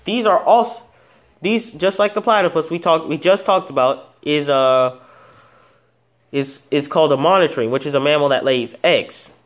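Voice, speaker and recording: Talking at normal speed in a fairly high-pitched voice, a man hosts an animal video channel. His casual, off-the-cuff animal talk wanders, with many false starts and corrections of himself.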